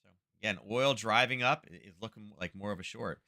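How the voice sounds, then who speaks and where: A man's voice: fairly low pitch, brisk, pushed and bright. A man hosting a casual live trading stream, thinking aloud and tagging his points with "right?" while chatting to viewers by name. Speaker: trading livestream host. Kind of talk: casual live market commentary.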